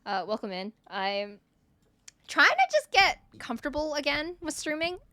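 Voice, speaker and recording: Young woman streamer, bright voice, dry close mic, chatty with chat, voice wearing thin. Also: high voice, big pitch swings, normal speed, dry recording. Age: 20s. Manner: chatty, greets viewers one by one. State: voice giving out, coughing. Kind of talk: casual live-stream chat. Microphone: desk streaming mic.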